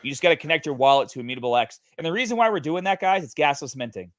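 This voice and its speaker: A man in casual livestream chat, pitching his project with many fillers and restarts. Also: expressive, racing, a bit bright, no room sound. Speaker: guest, NFT project creator.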